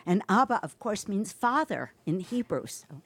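A woman's voice: medium pitch, big pitch swings, normal speed, fairly bright tone, husky. A woman hosting a local arts radio show, chatting playfully with her guests and laughing often. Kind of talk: casual interview chat.

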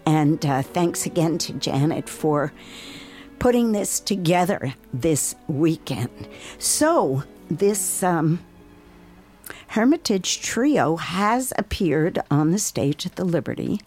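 Lively, slow-talking woman host. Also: deep voice, breathy edge, soft background music. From Brooklyn. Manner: chatty, laughs at herself. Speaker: radio host. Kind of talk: casual interview.

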